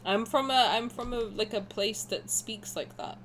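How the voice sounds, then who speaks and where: A woman in her twenties with a posh southern English accent, streaming a game and chatting through it in rambling, animated asides. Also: fairly high pitch, normal speed, slight background noise. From south of England. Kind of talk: gaming commentary and reading aloud.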